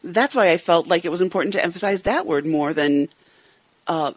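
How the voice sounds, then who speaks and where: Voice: mid-range voice, brisk, dry recording. Earnest Bible study participant. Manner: earnest, questioning, searching for words. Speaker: scripture reader in a Bible study.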